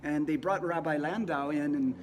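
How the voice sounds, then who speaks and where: A man's voice: fairly high pitch, normal speed, noisy background. A man teaching a lesson in a casual, conversational way, often repeating words as he tells a story. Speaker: religious teacher.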